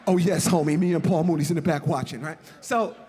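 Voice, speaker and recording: A man's voice: a little high, normal speed. A man in his forties giving a casual, laughing comic eulogy at a memorial service. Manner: casual, laughing, animated storytelling. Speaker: eulogy speaker. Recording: reverberant hall, husky voice.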